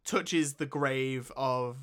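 A man's voice: medium pitch, steady tone, very slow, fairly bright tone. A young man co-hosting a casual film review chat, blunt and slangy in his opinions. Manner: blunt, slangy, says "bro". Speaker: podcast co-host.

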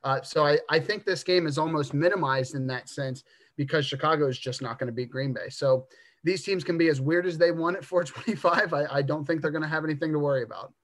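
A man's voice: fairly high pitch, fast talker, a bit bright. A man co-hosting a casual sports podcast, rambling through his takes with lots of stammered restarts. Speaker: podcast co-host.

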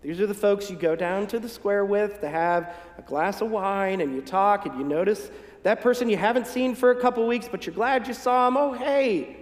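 A pastor from the northern United States gives a folksy, gently humorous sermon in a conversational style at a moderate pace. His voice is fairly high for a man, and the church sanctuary lends an echoey hall sound with a long reverb tail.

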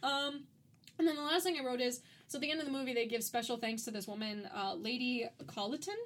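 A young adult woman hosts a podcast, chatting casually about a movie and laughing often mid-sentence. Her voice is fairly high and steady, she talks fast, and there's a little hiss or hum.

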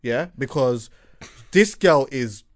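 A man telling a long story on a podcast in a lively, animated way, repeating words for effect and checking in with "yeah?". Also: medium pitch, slow pace. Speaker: podcast co-host. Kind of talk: casual storytelling chat.

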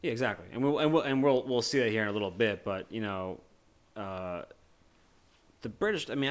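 A man's voice: on the low side, fairly quick. A man co-hosting a casual movie discussion podcast, rambling and joking loosely with many restarts. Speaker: podcast co-host.

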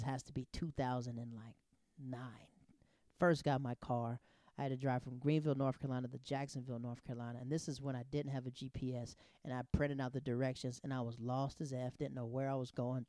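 A man in his thirties telling personal stories in a casual, animated, digressive way, often restarting his sentences. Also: medium pitch, no room sound, studio quality. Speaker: storyteller. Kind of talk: casual anecdotal storytelling.

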